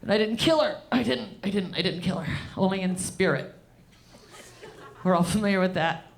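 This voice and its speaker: A woman performing a stand-up comedy set, deadpan and profane, riffing with the crowd from a club stage. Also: medium pitch, moderate pace, vocal fry.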